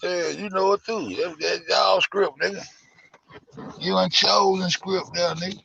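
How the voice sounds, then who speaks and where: A man with a gravelly, bright voice rants in a profane, animated, incredulous way as a show host. The sound is dry and close, a little dull and lo-fi. He talks casually, stretching out his disbelief. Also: high-pitched, unhurried, slight background noise. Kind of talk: casual livestream rant.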